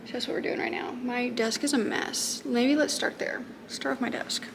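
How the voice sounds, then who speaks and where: A woman who teaches high school math, chatting casually to camera in a self-deprecating way and laughing often. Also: steady tone, normal speed, vocal fry. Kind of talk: casual vlog chat. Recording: noticeable background noise.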